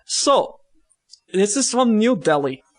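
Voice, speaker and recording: A man's voice: high voice, big pitch swings, takes it slowly, pitched above the performer's own voice, full character voice. A man putting on a hammy mock Russian accent in broken English while reading out a news item. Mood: mock-serious.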